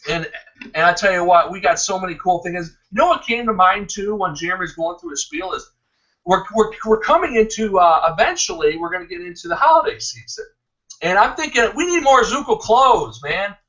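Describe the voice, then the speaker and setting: An excited man rambles through a promotional pitch, laughing and tripping over his words. His voice sits high and bright. He sounds far from the mic on a dull, lo-fi recording. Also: a little fast. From Ohio. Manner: hyped, rambling, laughs a lot, restarts. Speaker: network marketing promoter.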